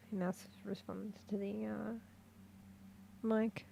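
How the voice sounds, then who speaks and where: Streaming a game live, this woman chats casually, excitable and freely profane, alternating quiet muttering with loud outbursts. She has a medium-pitched voice at normal speed, heard through narrow, tinny audio.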